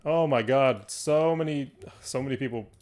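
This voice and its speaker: A man hosting a live stream from a card shop, talking to viewers in an excitable, rambling way and laughing often. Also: mid-range voice, normal speed. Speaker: livestream host of a card shop.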